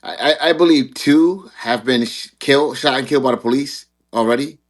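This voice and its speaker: A man's voice: mid-range voice, fairly quick. A man hosting a casual online panel discussion, rambling, repeating words and laughing at himself. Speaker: show host.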